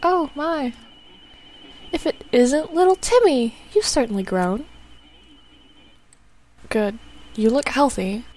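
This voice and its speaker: A woman's voice: high-pitched, slow, pauses often, darkish tone. A woman voicing a frail, confused elderly mother in a game, fretful and quavering. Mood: doting. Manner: quavering, fretful, then panicked shrieking.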